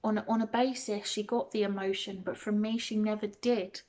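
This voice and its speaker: A woman's voice: medium pitch, steady tone, normal speed, a little mellow. A young woman vlogging, answering questions to the camera in a hesitant way, with many ums and restarts and small laughs. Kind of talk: casual talk to camera.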